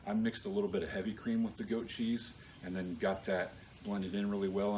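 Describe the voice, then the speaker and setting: A man walking through a recipe in a relaxed, folksy way, with plenty of ums and restarts. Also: low voice, brisk, slight background noise, rough recording. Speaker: cook team captain demonstrating a recipe. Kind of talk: casual cooking demonstration. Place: outdoor grill setup.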